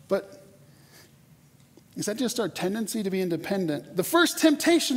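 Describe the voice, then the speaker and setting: A man in his forties preaching a sermon in a church, conversational and animated, often repeating words as he starts a sentence. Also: extremely high pitch. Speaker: pastor. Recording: long hall reverb.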